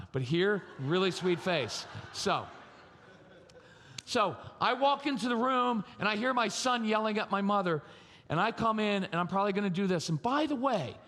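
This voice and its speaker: Animated high-voiced man speaking in a reverberant hall. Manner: animated, acts out parent and child voices, quizzes the audience. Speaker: parenting conference speaker. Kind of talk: live seminar talk to an audience. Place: large church conference hall. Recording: long hall reverb from a live venue.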